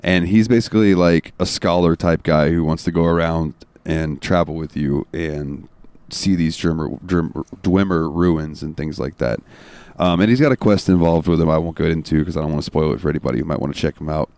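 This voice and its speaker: A man hosting a gaming podcast, talking in a relaxed, rambling way with fillers and the odd swear word. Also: very deep voice, fairly quick, dry recording. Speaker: podcast host. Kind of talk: casual chat.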